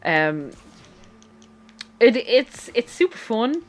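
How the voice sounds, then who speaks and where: An Irish woman in a casual let's-play chat, talking freely and often jumping up in pitch. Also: sing-song, drawn-out words.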